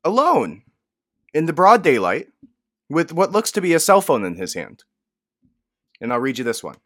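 Animated, profane man commenting on news. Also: on the high side, moderate pace. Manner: animated, profane, swings from hushed to loud. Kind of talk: casual commentary.

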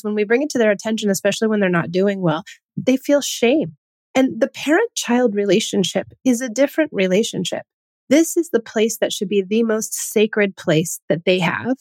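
A woman in her thirties hosting a solo podcast, explaining her views in an earnest, gently persuasive way. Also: mid-range voice, no room sound. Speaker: podcast host.

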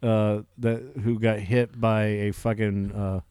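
Low voiced guy on a movie podcast, smooth tone, rambling and cracking up, swears a lot. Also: little pitch movement, takes it slowly, no echo, clean studio sound. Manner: rambling, laughing, swearing, trailing off quietly. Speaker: podcast co-host. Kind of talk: casual chat.

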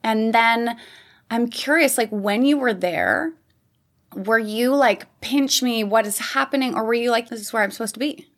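A woman's voice: on the high side, moderate pace. A woman hosting a podcast, asking a guest questions in a chatty, casual way. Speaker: podcast host. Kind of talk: casual interview.

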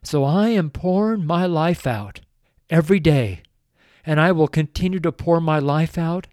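A man's voice: fairly high pitch, a little mellow, no echo, clean studio sound. An older man, a street preacher, giving an earnest, pleading sermon on a show, tearful and emotional. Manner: slow, earnest, pleading, with drawn-out emphasis.

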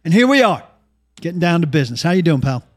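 A man's voice: on the high side, sing-song, fast talker. A man hosting a sports talk show, joking and breezy with his guest.

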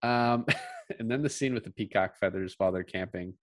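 Man, lowish voice, casual film chat, laughs a lot, dry close mic. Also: moderate pace, no room sound. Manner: relaxed, laughs often, quotes film lines in passing. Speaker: podcast co-host.

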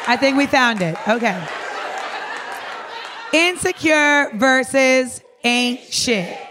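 A woman's voice: sits high, lively intonation, slow pace, crowd noise, noisy background. A woman hosting a live podcast in front of an audience, talking casually and frankly with slang and swearing, laughing often. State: losing her voice. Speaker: podcast host. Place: live show venue with audience.

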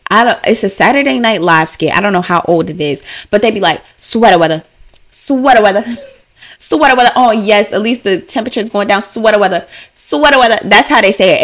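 A woman hosts her own podcast in a loose, chatty way. She sounds playful and animated, repeating phrases for effect, and her voice sits at an ordinary middle pitch. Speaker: podcast host. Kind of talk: casual solo podcast chat.

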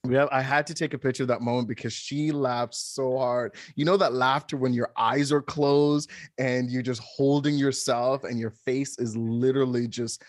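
Male podcast co-host, talkative storyteller, medium pitch, dry close recording. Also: moderate pace, dry recording. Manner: chatty, animated storyteller who laughs often. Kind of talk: casual chat.

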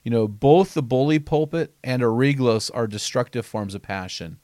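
A man's voice: mid-range voice, animated, moderate pace, dark tone, no echo. Earnest man telling stories, dry sound. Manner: earnest storyteller who reads quotes aloud; frequent restarts and repeated words. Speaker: author and podcast host. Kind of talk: conversational podcast teaching with stories.

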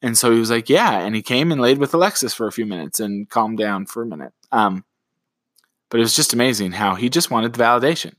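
A man's voice: medium pitch, quick pace, no echo. A man co-hosting a parenting podcast, talking casually and loosely, with lots of fillers. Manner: relaxed, rambling with many fillers. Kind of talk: casual conversational chat.

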